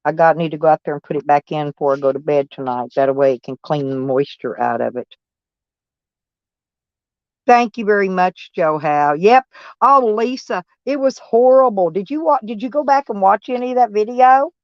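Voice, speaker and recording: A woman with a lowish voice chats casually on a live stream at a moderate pace, in a dry recording with dull audio. Folksy and blunt, she answers viewers' comments by name and sprinkles in mild cursing.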